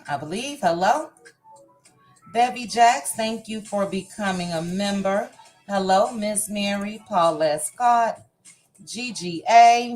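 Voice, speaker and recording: A woman hosting a livestream, greeting her viewers by name one after another in a casual, chatty way. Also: a little high. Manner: reads viewer names in a warm, chatty run of hellos. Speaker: livestream host. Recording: faint music behind the voice. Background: faint background music.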